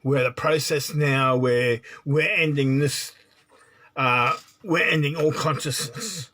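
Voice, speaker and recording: A man's voice: on the high side, slow, bright, forceful tone. A man giving a spiritual monologue as a teacher, blunt and lecturing, often checking in with "right?".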